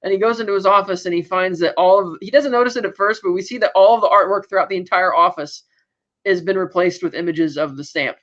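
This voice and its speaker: A woman co-hosting a podcast, telling the plot in a lively, casual way. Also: lowish voice. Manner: lively storytelling, quickly recapping plot. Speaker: podcast co-host. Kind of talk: casual podcast episode recap. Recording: dull lo-fi sound.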